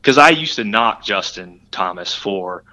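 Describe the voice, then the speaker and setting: Brief: male co-host, lowish pitch, crisp bright tone, rambling, playful. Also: lively intonation, measured pace, poor audio. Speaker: podcast co-host. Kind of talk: casual sports chat.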